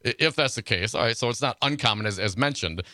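A man's voice: medium pitch, lively intonation, sharp tone, dry recording, studio quality. A man co-hosting a political talk radio show, talking in long wry rambling stretches. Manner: rambling, wry, quick to laugh. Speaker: radio co-host. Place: radio studio.

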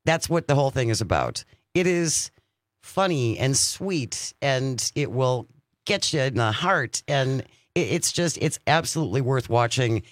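A man's voice: mid-range voice, lively intonation, dry recording. A man hosting a radio talk show, chatting casually and upbeat in the studio. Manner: upbeat, chatty, reads phone number slowly. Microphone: studio microphone.

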